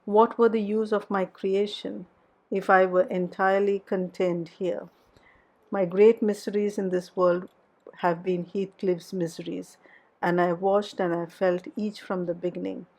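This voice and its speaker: A woman's voice: mid-range voice, flat delivery, unhurried, warm tone, poor audio. A woman voicing a passionate, headstrong young woman in love, in an audiobook reading of a classic novel. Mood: earnest.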